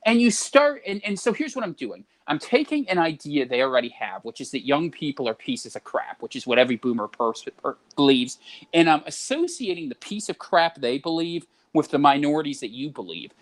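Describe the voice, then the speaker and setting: A man's voice: fairly high pitch, big pitch swings, a little fast. A man who is a podcast guest, explaining his reasoning step by step in a persuasive way. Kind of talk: podcast conversation.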